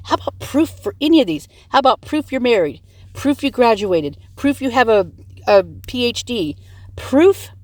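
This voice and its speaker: Her voice is a little high and a little mellow as she hosts her own video channel, heatedly ranting and peppering viewers with rhetorical questions. She records on a tablet mic near the screen, with no room sound.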